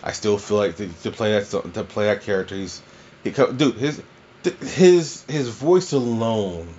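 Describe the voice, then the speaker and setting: A man's voice: lowish voice, expressive, normal speed, a little mellow, lo-fi sound. A man casually reviewing a film, rambling and swearing, full of fillers and restarts. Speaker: movie reviewer.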